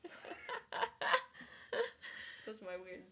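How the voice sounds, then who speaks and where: Relaxed young woman co-host. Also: fairly low pitch, drawn-out words. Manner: relaxed, lots of "like", quotes herself. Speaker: podcast co-host. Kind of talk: casual chat.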